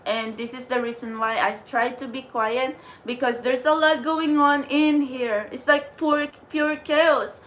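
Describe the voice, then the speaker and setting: A woman's voice: high voice, steady tone, a little slow, few pauses, fairly bright tone. A woman who channels spirit messages, ranting angrily on her vlog with swearing and lots of "like". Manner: ranting with profanity and repeated "like". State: angry. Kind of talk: unscripted angry vlog rant.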